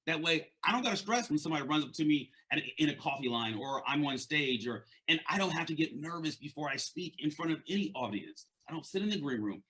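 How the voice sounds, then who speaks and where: A man's voice: a little high, fairly bright tone. A man with a stutter giving an earnest, conversational motivational talk as a leadership and mindset coach, often repeating words.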